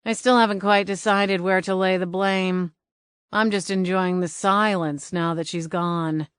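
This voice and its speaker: A woman's voice: fairly low pitch, fairly even intonation, unhurried, clean tone, dry recording, natural voice. A woman narrating an audiobook, voicing a sardonic male ghost cat with dry, teasing quips. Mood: wry.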